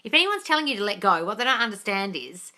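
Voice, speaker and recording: A woman with a bright, forward voice hosts a casual live stream from her phone. She chats loosely, greets viewers warmly by name and swears without a second thought. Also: mid-range voice, fast talker. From England. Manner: chatty, swears freely, greets viewers excitedly. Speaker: manifesting coach.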